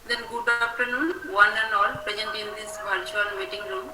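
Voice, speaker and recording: A woman's voice: medium pitch, steady tone, a little fast, bright, forceful tone. Lady in her 40s giving a webinar talk, far from the mic, echoey room, noisy line. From West Bengal, India. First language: Bengali. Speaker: guest lecturer. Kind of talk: webinar lecture. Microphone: video call. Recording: distant, roomy, noisy video call audio.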